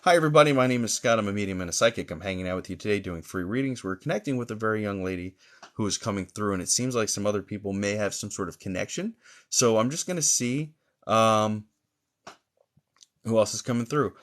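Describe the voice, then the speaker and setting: A man hosts a live-streamed psychic reading, his voice sitting a little lower than most. He feels his way through the session in a halting manner, full of pauses and fillers. His tone toward viewers stays gentle and reassuring. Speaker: psychic medium.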